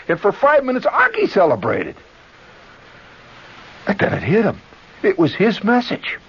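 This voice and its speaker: A man telling a long story as a radio monologist, animated, doing voices and sound effects. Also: high voice, a little slow, long pauses, breathy edge. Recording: dull lo-fi 1970s radio broadcast. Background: music.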